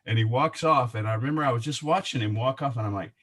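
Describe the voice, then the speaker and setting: Man, guest, husky voice, bright tone, animated faith story, laughs often, restarts. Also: medium pitch, fast.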